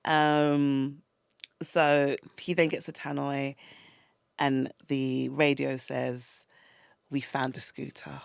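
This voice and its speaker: A woman, a podcast guest telling a personal story in a casual, animated way. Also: rumbling low, slow pace, gravelly, smooth, dry recording, studio quality. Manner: animated storyteller acting out quoted lines. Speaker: guest, toy brand founder.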